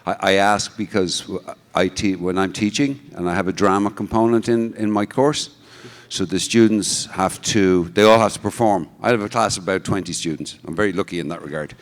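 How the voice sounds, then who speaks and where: Man, lecturer on a panel, low voice, measured and reflective, long hall echo. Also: fairly even intonation. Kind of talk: panel discussion. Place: large hall with audience. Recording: echoey hall.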